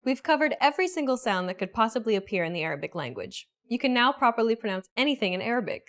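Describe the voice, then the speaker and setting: A woman's voice: fairly high pitch, big pitch swings, a bit bright. Woman narrating a pronunciation lesson. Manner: clear, explanatory, measured. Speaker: pronunciation teacher. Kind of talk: scripted instructional narration.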